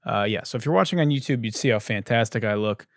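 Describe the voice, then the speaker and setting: A man hosting a comedy podcast, delivering a profane, animated ranting monologue into a close studio mic. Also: mid-range voice, fast, creaky, no echo. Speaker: podcast host.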